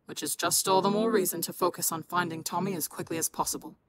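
Woman reading as a calm firm father. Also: lowish voice, fast talker, slight background noise, lightly acted. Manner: firm, steady, no room for argument.

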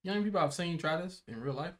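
A man's voice: a little high, animated, quick pace. A young man co-hosting a reaction video, giving slangy, jokey running commentary as he watches.

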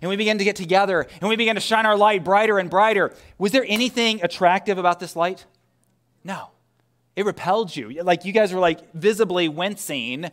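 A man preaching a sermon as a pastor, conversational, asking his congregation rhetorical questions and moving between loud emphasis and a hushed near-whisper. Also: on the high side, quick pace. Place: church sanctuary.

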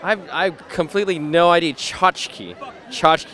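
A man's voice: fairly high pitch, a little slow, bright, forceful tone, some chatter behind. A man stopped on the street, musing aloud and puzzling over a word's meaning. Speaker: passer-by interviewee. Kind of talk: casual street interview.

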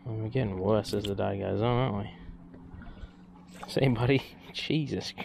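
A man's voice: lowish voice, moderate pace, creaky, a little mellow, slight background noise. Sex: man. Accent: Australian. Style: chatty fishing commentary from a boat. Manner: chatty, talks to the fish, laughs a lot. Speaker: fishing vlogger. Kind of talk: casual running commentary. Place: on a boat outdoors.

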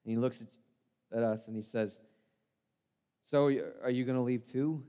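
A man's voice: mid-range voice, steady tone, normal speed, mellow, clear, resonant tone, lightly acted. A man performing a first-person monologue as the disciple Peter, an impulsive, earnest fisherman, telling his story in a conversational, self-deprecating way in a church sanctuary. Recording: long reverb of a church hall.

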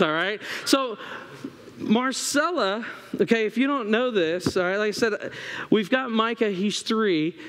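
A man who is an assistant pastor, preaching a sermon with animated, humorous storytelling on a church stage. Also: sits high. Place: church sanctuary. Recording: long hall reverb in church.

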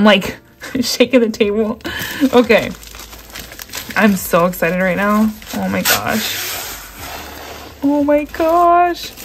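A woman's voice: medium pitch, slight background noise. Gushing woman unboxing crafts. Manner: gushing, exclaims often, talks to viewers directly. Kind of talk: excited unboxing chat. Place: at a table indoors. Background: crinkling packaging.

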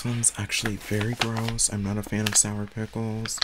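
A man's voice: on the low side, level tone, moderate pace, few pauses, very noisy. A young man telling a story casually while eating, talking with his mouth full and chewing between phrases. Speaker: ASMR eating channel host.

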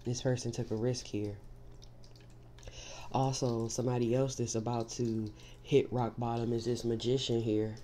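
In a very deep, mellow voice with little pitch movement, a woman gives a spiritual tarot reading at a moderate pace. Faint hiss or hum is audible. She speaks straight to the listener, reassuring and emphatic, repeatedly using "see" to start and stress her points.

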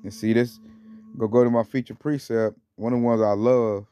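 A man with a warm, clean, level-toned voice at medium pitch speaks at a moderate pace in a meandering religious talk. He uses many fillers and scornful emphasis, and the dull lo-fi recording has faint music underneath.

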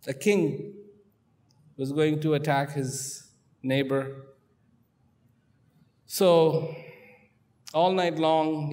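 Man, spiritual speaker, slow storytelling, fairly high voice, long hall reverb. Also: fairly even intonation, a little mellow. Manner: playful, questioning the audience. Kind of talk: storytelling address to an audience. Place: large event hall.

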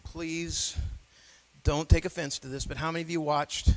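A man preaching a sermon as pastor, swinging between quiet low talk and loud shouting, with call-and-response asides to the congregation. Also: flat delivery, moderate pace, a little hiss or hum, poor audio.

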